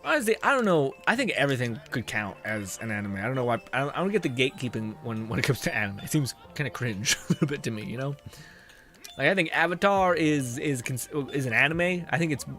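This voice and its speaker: A man's voice: mid-range voice, very animated, fast, bright, forceful tone, faint music behind. A young man streaming a game, chatting casually with viewers, rambling and swearing often, with laughs between phrases. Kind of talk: casual chat with viewers while gaming.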